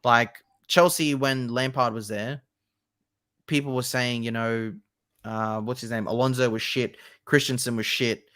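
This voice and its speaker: A young male host in a casual football talk, speaking with passion and swearing freely. His voice sits in an ordinary middle pitch. The recording is dry and close, with no room sound. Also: fairly even intonation, a little slow, a bit bright, clean tone, no echo. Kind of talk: casual chat about football.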